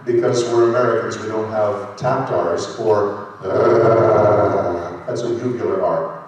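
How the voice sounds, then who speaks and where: A man speaking as a guest on a convention panel, telling stories in an animated way and breaking into short accent demos. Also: on the low side, takes it slowly. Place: large convention hall. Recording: echoey hall from far off.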